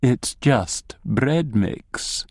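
Guy voicing a sly cryptic gnome, talks real slow and hushed, dry sound. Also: mid-range voice, animated, no room sound, exaggerated voice. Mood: insistent. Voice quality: slow, deliberate, hushed delivery. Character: sly, cryptic male gnome, a pub regular.

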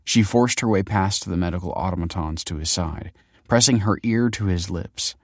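A man narrating a dark, scripted story in a steady, grave manner. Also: low-pitched, normal speed, no echo, clean studio sound.

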